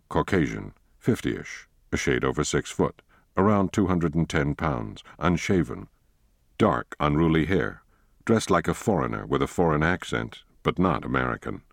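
Very deep-voiced male audiobook narrator. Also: creaky, no room sound, studio quality. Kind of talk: scripted narration.

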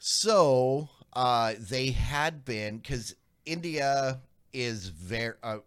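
A man with a mid-range voice co-hosts a casual tech podcast. He explains news stories in a halting way, full of pauses and restarts. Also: mid-range voice, lively intonation, a bit bright, clean tone. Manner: explanatory, hesitant, many ums and restarts. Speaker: podcast co-host.

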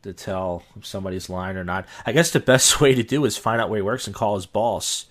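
A young man with a somewhat low voice chats casually as a comedian on a podcast. He rambles through a personal story, stopping and restarting his sentences as he goes. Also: fairly quick. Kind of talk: casual chat.

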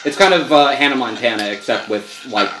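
A man's voice: mid-range voice, lively intonation, a little fast, pushed and bright, reverberant, soft background music. A man co-hosting a casual podcast chat, rambling and filling his talk with "like" and "um". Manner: rambling, hedging with "like".

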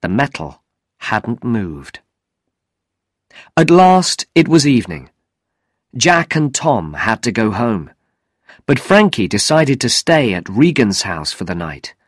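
Slow, lively-toned male narrator for a learner's storybook, dry close sound. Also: mid-range voice, dry recording. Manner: slow, clear and deliberate. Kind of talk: scripted narration of a graded reader.

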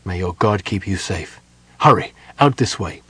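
A man's voice: sits low, animated, normal speed, fairly bright tone, husky, dry recording, exaggerated voice. A man voicing an anxious, devoted young soldier who speaks urgently with a trembling voice.

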